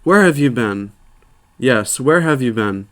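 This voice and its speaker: A man's voice: medium pitch, animated, a little slow, natural voice. A man doing curt, scolding wives. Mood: stern. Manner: curt and commanding. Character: two stern, demanding wives.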